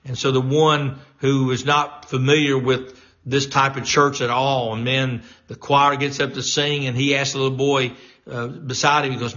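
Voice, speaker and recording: A man's voice: mid-range voice, flat delivery, moderate pace, sharp tone, highs cut off. A man of sixty, a talk radio host, delivering a rambling political commentary monologue full of fillers and restarts. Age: 60s.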